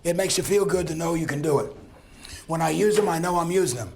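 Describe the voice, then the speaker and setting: A man's voice: on the high side, quick pace, vocal fry, slight background noise. A man lecturing a seminar class, telling stories and acting out dialogue with frequent chuckles. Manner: storytelling, acts out dialogue, chuckles often. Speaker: lecturer on conflict talk.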